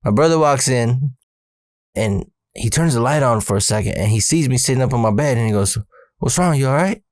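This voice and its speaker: Male storyteller, mid-pitched, slangy and profane, dry close mic. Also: a little fast, dry recording. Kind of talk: casual personal storytelling.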